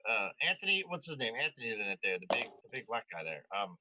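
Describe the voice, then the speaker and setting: A man's voice: fairly low pitch, very animated, quick pace, noisy background. A man co-hosting a casual podcast chat, rambling with restarts and laughing easily. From Irish heritage, New England. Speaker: podcast co-host. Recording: dull lo-fi sound.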